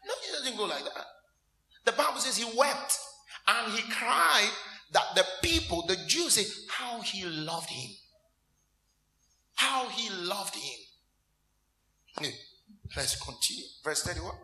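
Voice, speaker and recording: In an echoey room, a man preaches slowly in a high-pitched voice, leaving long pauses. As minister, he animatedly quizzes the congregation call-and-response style and plays out scenes with laughter and mock sobbing.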